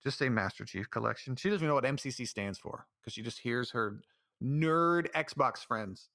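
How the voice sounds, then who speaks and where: A man's voice: medium pitch, animated, normal speed, fairly bright tone, no echo, clean studio sound. A man hosting a solo podcast, speaking in a rambling, ranting way with many restarts. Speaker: podcast host. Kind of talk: casual solo commentary.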